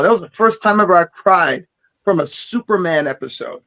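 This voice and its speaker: An excited man telling stories in casual chat, swearing freely as he talks. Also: high voice, moderate pace, low-quality recording. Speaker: podcast host.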